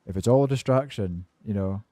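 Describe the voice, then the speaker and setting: A man with a warm, mellow voice talks to his stream viewers in loose, rambling chat, swearing easily and answering their messages. His tone is laid-back and cynical. The sound is dry and close, with no room around it. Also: on the low side, brisk, dry recording. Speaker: game streamer chatting with viewers. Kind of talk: casual live-stream chat.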